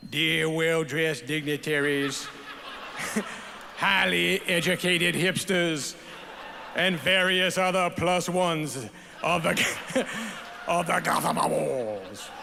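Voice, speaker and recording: A man reading a comic roast letter aloud in a put-on Southern accent, with a slow, drawn-out delivery at an awards ceremony. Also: on the high side, gravelly, pushed and bright, slight background noise, full character voice. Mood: mocking. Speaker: award recipient. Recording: reverberant awards hall, faint ambience.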